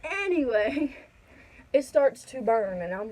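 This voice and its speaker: A teenage girl vlogging a casual storytime at home, chatty and full of "like", acting out quotes in a higher voice. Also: animated, a little slow, darkish tone, poor audio. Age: teens. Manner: chatty, says "like" a lot, acts out quotes in a higher voice.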